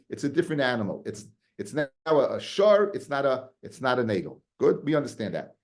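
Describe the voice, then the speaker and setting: A man teaching a casual Talmud class, animated and often repeating words as he explains. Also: mid-range voice.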